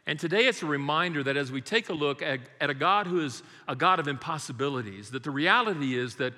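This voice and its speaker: A man's voice: fairly high pitch, animated, fast, bright, forceful tone. An older man, a great-grandfather, preaching a sermon in a church, praying and telling folksy, humorous family stories. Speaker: guest preacher. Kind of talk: sermon with prayer and storytelling. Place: church sanctuary. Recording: long reverb of a large hall.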